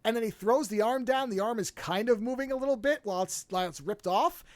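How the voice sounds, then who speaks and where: Podcast host, mid-pitch, dry close studio mic, swears freely, animated recaps with acted-out quotes. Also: fast talker, no echo. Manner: profane, animated storytelling, acts out characters' lines. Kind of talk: casual podcast chat retelling a film.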